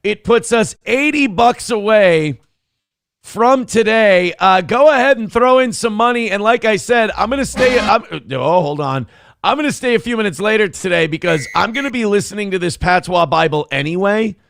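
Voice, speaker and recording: A man's voice: high voice, lively intonation, normal speed, gravelly, fairly bright tone, a little hiss or hum. A man hosting a morning livestream show in casual, profane, jokey chat, reading out viewer comments.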